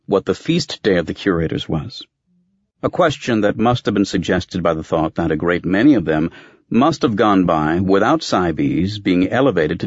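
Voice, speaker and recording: In this scripted narration, a male audiobook narrator tells a novel's story at a steady, measured pace. His voice is low and a bit rough, and the dry, somewhat muffled recording carries no room sound.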